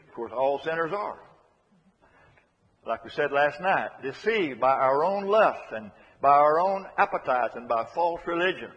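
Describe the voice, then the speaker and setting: A man's voice: medium pitch, slightly rough. A man preaching a sermon in an earnest, emphatic way, repeating his key phrases to drive them home. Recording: echoey hall, dull lo-fi sound.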